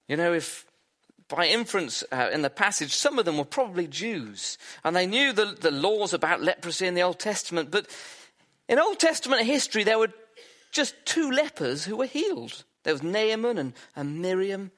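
A man preaching a sermon, retelling a story vividly and dropping his voice low for emphasis. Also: sing-song, moderate pace, a bit bright.

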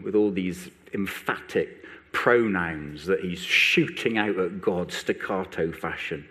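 Animated low-voiced male preacher. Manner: animated, rising sharply when voicing biblical speakers. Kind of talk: sermon.

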